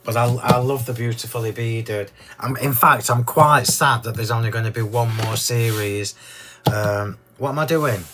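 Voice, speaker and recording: A man at an ordinary mid pitch runs a live card-making demonstration, chatting away and gushing over every detail. His voice is slightly hoarse, as he is losing it. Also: steady tone, normal speed, noisy background. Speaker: crafting demo host.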